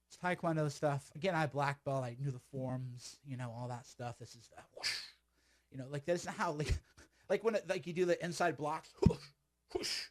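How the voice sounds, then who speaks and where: A man's voice: on the high side, brisk. A man giving casual, sarcastic commentary on a video clip, rambling and laughing often.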